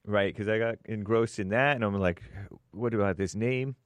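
A man co-hosting a radio talk show, chatting in a soft-spoken, hesitant and self-deprecating way. His voice is on the low side and sounds dry and close in the studio. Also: moderate pace, dry recording. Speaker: radio co-host. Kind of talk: casual studio banter. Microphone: studio mic.

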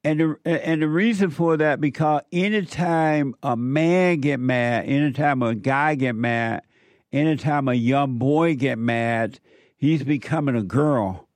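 A man hosting a call-in show, giving advice to a caller in a slow, emphatic way and repeating his points. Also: medium pitch, no echo.

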